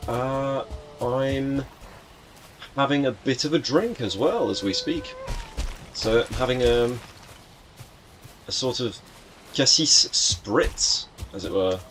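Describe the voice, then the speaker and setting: A man's voice: mid-range voice, expressive, slow, pauses often, a little hiss or hum. A young man chatting casually to his live chat as he streams a game, greeting viewers by name and joking around.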